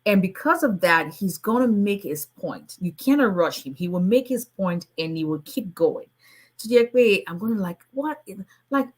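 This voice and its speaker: A middle-aged woman from Nigeria, an immigration lawyer chatting casually on a live stream, fast-talking and animated and laughing often. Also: mid-range voice.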